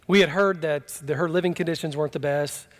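A middle-aged pastor preaching a sermon, swinging from impassioned emphatic cries to quiet, low storytelling. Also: male voice, fairly even intonation, fast.

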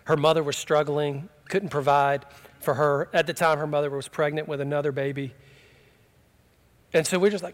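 A middle-aged pastor preaching a sermon, swinging from impassioned emphatic cries to quiet, low storytelling. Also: male voice, steady tone, a little fast.

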